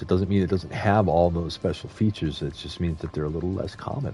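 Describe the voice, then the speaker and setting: Faint music runs behind this man's deep, dark-toned voice as he briskly chats through his video game stream. He rambles casually and chuckles often.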